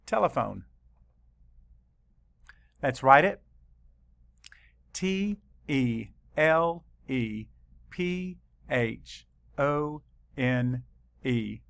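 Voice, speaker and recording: A man's voice: medium pitch, expressive, creaky, fairly bright tone, no room sound. A man teaching a spelling lesson to children, sounding out words and spelling them letter by letter. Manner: slow, deliberate letter-by-letter spelling.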